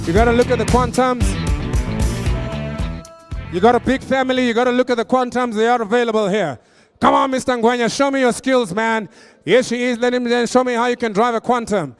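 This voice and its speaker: A man working as an auctioneer, pitching vehicles with jokey patter and then rattling off bids in a rapid-fire auction chant. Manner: joking, high-energy patter with rapid-fire bidding calls.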